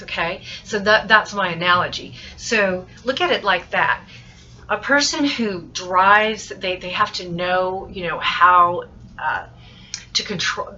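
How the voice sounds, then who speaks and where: A woman teacher with a bright, forceful voice and a slightly low pitch walks through a recorded mini-lesson, repeating herself as she builds each point. The sound is muffled, like a lo-fi laptop webcam recording, with faint noise underneath. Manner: explains through examples and acts out sample lines; repeats and restarts phrases while thinking aloud. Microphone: laptop webcam mic.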